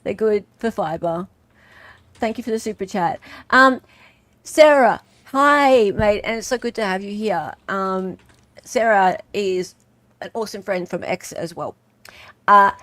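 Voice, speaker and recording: An Australian woman hosts a live online chat show. She talks casually and with lots of energy, reading posts and greeting viewers by name. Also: medium pitch. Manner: chatty, animated, reads chat aloud with laughs. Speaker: livestream host.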